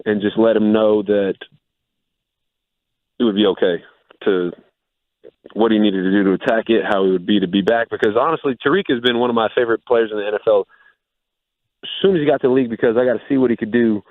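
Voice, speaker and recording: A man's voice: lowish voice, quick pace, long pauses, no room sound. A man, a former pro football player, calling in as a guest on a radio show, talking in a laid-back, upbeat way with a lot of "like" in it. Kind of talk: casual radio interview. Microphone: phone call-in. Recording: dry, tinny phone line.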